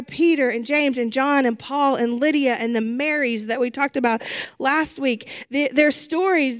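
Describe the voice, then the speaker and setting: Earnest woman pastor preaching. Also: sits high. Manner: earnest, repeats phrases for emphasis. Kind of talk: sermon.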